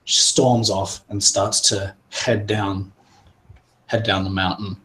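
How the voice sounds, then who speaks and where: Slow, low-voiced male game master. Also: level tone, a bit bright, low-quality recording. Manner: hesitant, many pauses and fillers. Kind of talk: narrating a tabletop game.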